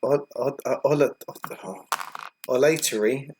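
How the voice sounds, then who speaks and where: A man running a tabletop game, halting and laughing. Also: mid-range voice, creaky, a little mellow, slight background noise. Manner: halting, full of ums and laughs. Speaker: game master.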